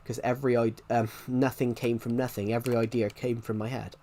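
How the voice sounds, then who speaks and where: A man's voice: medium pitch, level tone, mellow, slight background noise. A young man chatting casually on a live stream while gaming, rambling and restarting his sentences. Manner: rambling, halting, many restarts.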